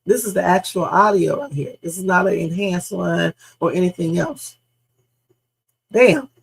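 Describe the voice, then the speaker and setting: Gravelly, husky woman livestream host. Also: lowish voice, unhurried, poor audio. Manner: emphatic, speculative, repeats points with slang. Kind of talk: live reaction commentary.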